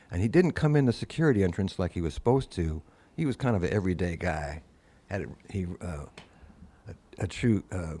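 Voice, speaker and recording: An older man, a guest musician, telling long anecdotes in casual conversation and acting out the people he quotes. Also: low voice. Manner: anecdotal, animated quoted voices. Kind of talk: casual storytelling.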